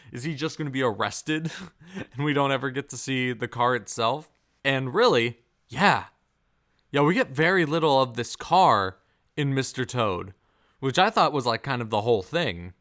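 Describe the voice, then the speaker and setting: A man's voice: mid-range voice, sharp tone, clear, resonant tone. A man casually reviewing a film, rambling with many fillers and puzzled rhetorical questions. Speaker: movie reviewer.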